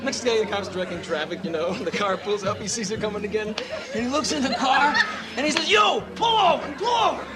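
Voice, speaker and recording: A man's voice: high-pitched, brisk. An actor playing a rowdy man telling a joke at a noisy party. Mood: joking. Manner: joke-telling, animated, laughing. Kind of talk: film dialogue. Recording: loud crowd and music around, from a distance.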